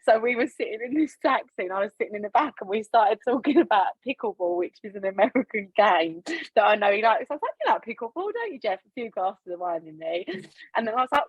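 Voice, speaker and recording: A woman's voice: mid-range voice, fast, breathy edge, no room sound. A woman hosting a video training call, telling a story in a chatty way and laughing often. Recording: dull, dry video call audio.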